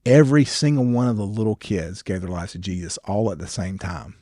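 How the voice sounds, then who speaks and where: A man, a ministry founder and guest, sharing stories in an earnest, animated way, often restarting his sentences. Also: lowish voice, fairly quick, no room sound, clean studio sound. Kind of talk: conversational storytelling interview.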